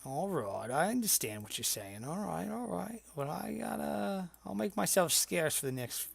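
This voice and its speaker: A man's voice: high voice, big pitch swings, normal speed, creaky, breathy edge, voice pushed up, exaggerated voice. A man, the game master, playing a boastful, crude male bagpiper who talks in a rambling, hesitant way. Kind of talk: tabletop role-play voice.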